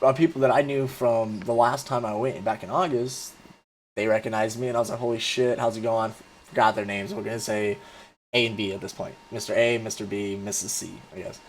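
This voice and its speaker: A man's voice: medium pitch, a little fast, a little mellow. Man, twenties, casual storyteller; rambling and profane, full of fillers. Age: 20s. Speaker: vlogger.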